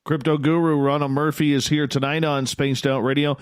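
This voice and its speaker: A man's voice: on the high side, little pitch movement, fairly quick, clean tone, no echo. Male radio host, conversational and rambling, close dry studio sound. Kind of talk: radio interview hosting.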